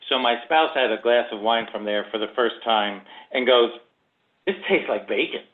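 A man tells little stories with a dry, teasing humor. His voice comes through narrow and tinny, like a phone line. He speaks at an ordinary middle pitch in easy conversation. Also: steady tone, moderate pace, noisy background. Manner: wry, teasing storyteller. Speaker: podcast guest, father of co-host. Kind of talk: casual chat.

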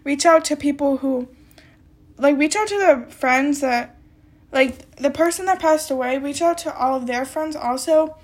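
Young female podcast host with a high voice and a bit of a cold, talks in loose, rambling chat. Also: unhurried. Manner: rambling, chatty, heavy use of "like" and "um". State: has a little cold. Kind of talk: casual solo podcast talk.

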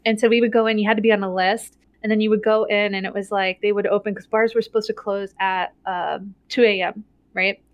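A woman's voice: medium pitch, a little fast, smooth, no echo. Chatty middle-aged woman, dull dry audio. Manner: animated, laughs often, many "like" and "right?" tags. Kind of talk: casual storytelling chat.

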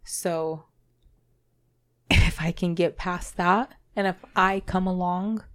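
A woman co-hosting a podcast, talking in a halting, self-doubting way and swearing casually. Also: on the low side, fairly even intonation. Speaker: podcast co-host. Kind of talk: candid conversational podcast talk.

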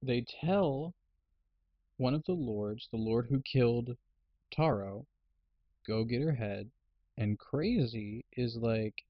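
A man's voice: medium pitch, slow, pauses often, no echo. A man in a casual chat, retelling a film plot with lots of swearing and acted-out lines. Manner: animated retelling, acting out characters' lines; swears freely. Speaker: podcast host recapping a film. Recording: dry, dull lo-fi recording.

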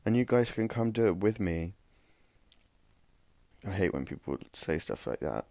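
A man's voice: deep voice, lively intonation, normal speed, darkish tone, no echo, studio quality. A young man hosting a solo podcast, rambling and joking at himself while tired and worn out. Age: young adult. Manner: rambling, self-mocking, tired. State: exhausted. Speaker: podcast host. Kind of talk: casual solo podcast chat.

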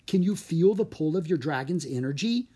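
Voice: medium pitch, lively intonation, moderate pace, warm tone, husky. A reader voicing an upbeat young girl hero. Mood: encouraging. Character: cheerful young girl dragon master. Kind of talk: audiobook character reading.

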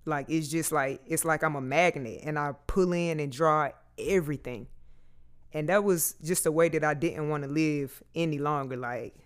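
A man's voice: fairly high pitch, normal speed, clean tone. A man, talking candidly and casually to his viewers, swearing freely as he goes. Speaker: vlogger. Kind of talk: candid personal talk to camera.

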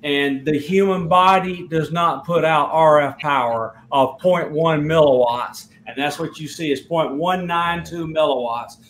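A man's voice: a little high, measured pace, few pauses, a bit bright, a little hiss or hum. A middle-aged man on a video call, a scientist and engineer, explaining videos and measurements in a plain, technical, matter-of-fact way. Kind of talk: casual show-and-tell explanation. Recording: echoey room sound.

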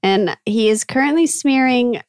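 A woman's voice: on the high side, normal speed, no room sound. A woman from America, hosting a casual podcast chat in a chatty, teasing way and laughing often. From North America. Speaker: podcast host.

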